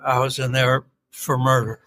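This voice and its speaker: An older man voicing a calm elderly ex-convict in a joke, flat and matter-of-fact. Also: normal speed, a crowd in the background, natural voice. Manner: flat, low-key matter-of-fact delivery.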